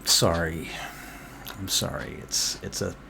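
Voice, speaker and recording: Low-voiced guy gm, a bit hoarse, clears his throat a lot, faint hiss behind. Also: steady tone, slow pace, bright, forceful tone. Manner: rambling, self-deprecating, many fillers. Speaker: game master. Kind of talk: narrating a tabletop game.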